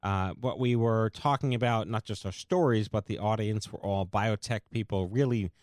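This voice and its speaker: Brief: male podcast host, low voice, rambling delivery with fillers, dry close mic. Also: darkish tone, no echo. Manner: rambling, halting with many fillers. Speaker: podcast host, co-founder of the organization. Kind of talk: casual podcast chat.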